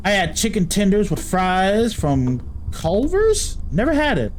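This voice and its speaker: A man's voice: sits high, huge pitch swings, a little slow, hardly any pauses, slight background noise. A man streaming a game, making offhand, chatty asides between the game lines. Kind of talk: casual gameplay commentary.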